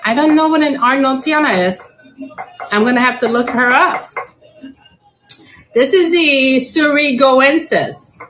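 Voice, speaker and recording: A middle-aged woman with a high voice hosts a live auction in a casual, chatty way. She takes her time, laughs easily and trips over tricky names. Faint music plays behind her. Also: unhurried, pauses often, a bit bright, low-quality recording. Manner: chatty, giggly, stumbles over and spells out plant names. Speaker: live-sale seller.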